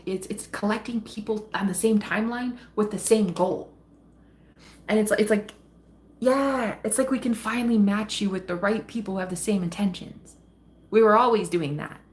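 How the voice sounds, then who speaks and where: A woman runs a tarot live stream, chatting casually with viewers. She's affectionate, laughs easily, swears freely, and calls people sweetheart and honey. Her pitch is medium.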